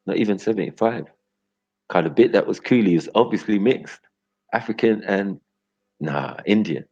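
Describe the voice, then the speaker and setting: Deep husky man, lo-fi. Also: darkish tone. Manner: loose, slangy, laughing, keeps asking "get me?". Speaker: livestream host. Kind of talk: casual ranting commentary. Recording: dull lo-fi audio.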